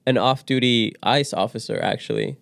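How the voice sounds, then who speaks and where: A man with a mid-pitched, smooth, clear voice co-hosts a casual podcast. He backs his partner with quick agreements and cuts in with blunt, informal opinions. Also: huge pitch swings, a bit bright, no room sound, studio quality. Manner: chimes in with short agreements and blunt asides. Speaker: podcast co-host.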